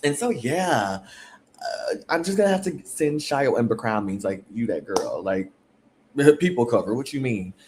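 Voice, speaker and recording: A man's voice: mid-range voice, lively intonation, normal speed, slight background noise. A man hosting a casual reality TV recap, chatty and rambling with lots of fillers. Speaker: podcast host.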